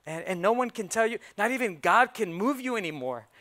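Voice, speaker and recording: A man preaching a sermon in a church, playful and animated, acting out how churchgoers react. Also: high voice, brisk. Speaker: pastor. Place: church sanctuary.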